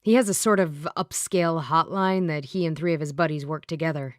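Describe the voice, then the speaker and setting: A woman voicing a calm, reassuring young man who helps a friend. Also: sits low, a little fast, dry recording, clean studio sound, close to an everyday voice.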